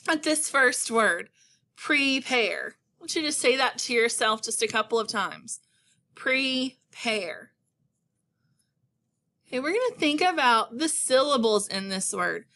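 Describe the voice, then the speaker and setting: A woman teacher giving a recorded phonics lesson to young children, speaking slowly and encouragingly with clearly enunciated words. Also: on the high side, lively intonation, fairly bright tone. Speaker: elementary school teacher.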